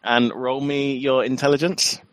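A man's voice: medium pitch, level tone, a little slow, no echo. A man narrating a tabletop horror game as game master, in a loose, filler-heavy way.

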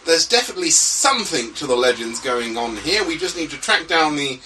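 A man's voice: fairly high pitch, big pitch swings, brisk, pushed and bright, distant mic, a little hiss or hum. A man voicing an older male professor who is earnest, worried and rational.

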